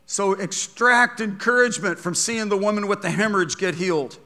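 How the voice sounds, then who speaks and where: High, bright-voiced pastor preaching. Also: male voice, fairly quick. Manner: impassioned preaching, swings from hushed to loud. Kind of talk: sermon.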